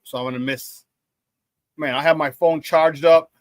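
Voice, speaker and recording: A man hosting a live-streamed sports talk show, reading viewer chat in an excitable, hyped way, laughing often and using slang. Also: on the high side, normal speed, dry recording.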